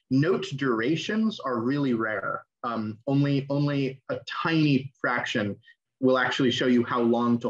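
A young man gives a relaxed online lecture over a video call. His voice sits at an ordinary pitch, and the audio sounds dull and a bit lo-fi. He explains things conversationally and often stops to restart a phrase. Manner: casual, explanatory, with fillers and restarts. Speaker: teacher.

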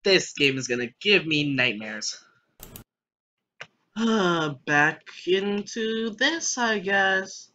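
Bright-voiced young gamer, jokey and rambling. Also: medium pitch, animated, extremely slow. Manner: jokey, rambling, talks to the game. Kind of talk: let's play commentary. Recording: dull lo-fi recording.

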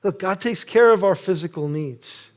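A man's voice: high voice, moderate pace. A middle-aged male preacher giving a casual sermon, acting out scenes and laughing often.

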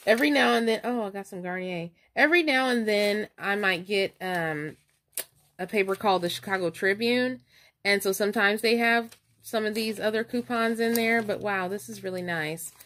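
A woman chatting excitedly in a casual vlog, stuttering now and then as she leafs through coupon inserts. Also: mid-range voice, normal speed. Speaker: couponing vlogger. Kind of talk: casual show-and-tell vlog.

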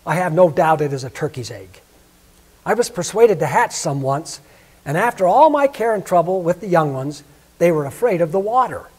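A man voicing a bossy old female duck who gives brisk, knowing advice. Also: high-pitched, sing-song.

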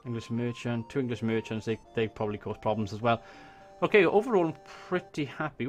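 A man's voice: medium pitch, brisk, few pauses, faint music behind. A Welsh man casually thinking aloud as he commentates a strategy game, swearing when surprised. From Wales. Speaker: gaming YouTuber. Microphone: desk USB microphone.

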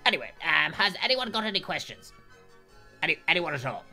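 A woman's voice: deep voice, big pitch swings, fairly quick, bright, forceful tone, full character voice. A woman voicing a pompous schoolteacher in a put-on, affected accent, speaking in a mock-formal way over game music. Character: pompous posh schoolteacher putting on airs.

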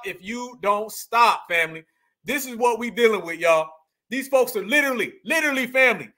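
High, bright-voiced heated male commentator. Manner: mocking, heated, repeats phrases. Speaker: online political commentator. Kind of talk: reaction commentary.

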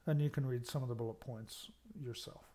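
A man's voice: mid-range voice, steady tone, a little fast, dark tone. A man from the United States lecturing on management, explaining points and stressing key words, often checking in with "okay". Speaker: university lecturer. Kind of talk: recorded lecture.

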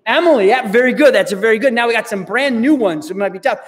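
A man with a very high voice leads a youth group, playful and upbeat as he calls out to the crowd. The sound carries the long reverb of a large hall. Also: fast talker. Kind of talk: lively talk to a student youth group. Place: large hall with a live audience.

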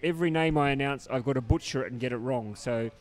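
A man's voice: medium pitch, fast. A man from Australia, doing live sports commentary banter from a beach tent, jokey and laughing. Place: tent booth at a beach event.

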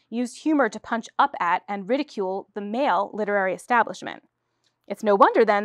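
A woman giving an academic lecture, speaking in a measured way from a prepared text. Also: medium pitch, dry recording, clean studio sound.

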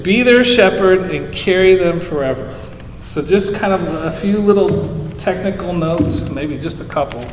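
A man's voice: a little high, a little hiss or hum. A man preaching a sermon as pastor, teaching in a conversational way and rising to emphasis when he quotes scripture. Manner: conversational teaching, explains Hebrew terms simply, rises emphatic on scripture. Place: church sanctuary. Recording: echoey church hall.

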